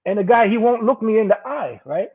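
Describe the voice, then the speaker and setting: A man's voice: sits high, expressive, fairly quick, slightly rough. A man casually telling a profane, rambling story with a lot of laughing. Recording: tinny phone-like line.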